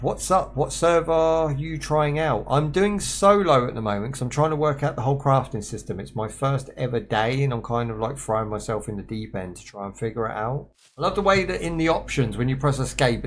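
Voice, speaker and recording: A man's voice: mid-range voice, slight background noise. A young man streaming a survival game, chatting and joking with viewers as he plays. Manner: chatty, joking, talks to chat and to himself. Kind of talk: casual gameplay commentary.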